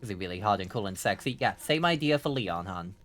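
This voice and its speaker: Excitable streamer with a faded German accent. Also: male voice, lowish voice. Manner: excitable, profane, quick to laugh. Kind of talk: live gameplay commentary.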